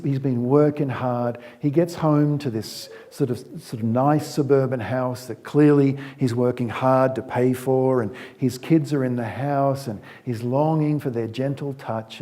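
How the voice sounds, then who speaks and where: A man giving a talk to an audience in a warm, mellow voice at a middle pitch. He speaks conversationally, restarts his sentences and repeats words as he goes, and acts out the scenes he retells. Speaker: speaker on parenting.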